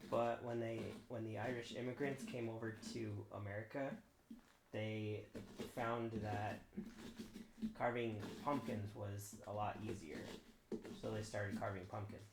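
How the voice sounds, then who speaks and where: A man's voice: on the low side, steady tone, measured pace. A man streaming himself carving a pumpkin, chatting casually and rambling with fillers. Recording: roomy with clear background noise.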